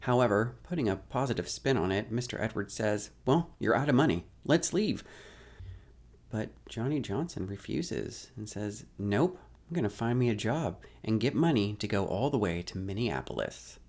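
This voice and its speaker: A man's voice: fairly low pitch, animated, moderate pace, a little mellow. A man recapping a show's episode as a story, with wry, sardonic asides. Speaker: show recapper.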